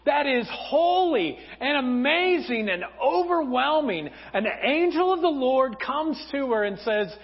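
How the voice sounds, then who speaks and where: Animated pastor preaching in an echoey church. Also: male voice, very high voice, measured pace, few pauses. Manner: lively storytelling with acted voices. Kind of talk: sermon. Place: church hall. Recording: dull sound, long church reverb.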